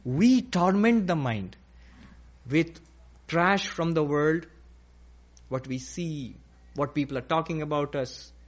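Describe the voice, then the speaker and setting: A man giving a slow, emphatic spiritual lecture, repeating key phrases as he teaches. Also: a little high. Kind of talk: philosophical lecture. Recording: dull lo-fi recording.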